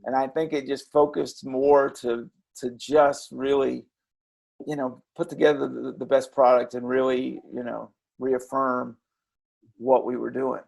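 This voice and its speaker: Earnest gravelly man telling stories. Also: medium pitch, little pitch movement, darkish tone. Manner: earnest, halting with repeated restarts. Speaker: interview guest, former children's character performer. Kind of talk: reflective storytelling.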